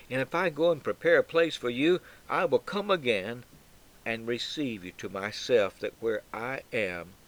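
A man's voice: fairly low pitch, fairly bright tone, rough recording. A man preaching a sermon with solemn, emphatic delivery, swelling on key words and falling almost to a whisper at the end of phrases. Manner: slow, solemn, emphatic delivery with dramatic pauses.

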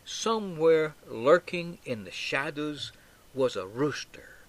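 A man's voice: on the high side, expressive, slow pace. A man teaching through a Bible passage in an expository sermon, stressing quoted lines with emphatic swells. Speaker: preacher.

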